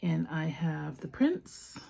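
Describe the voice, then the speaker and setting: A woman chatting casually while unboxing toys, soft-spoken and gushing, often dropping to a whisper. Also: deep voice, sing-song, slow, vocal fry. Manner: gushing over each toy. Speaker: toy collector vlogger.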